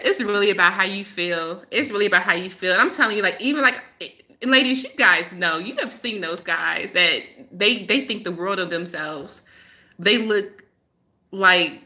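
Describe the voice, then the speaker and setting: A woman's voice: medium pitch, bright, forceful tone. A woman hosting a casual live-stream chat as a spiritual healer, rambling and laughing often as she tells stories.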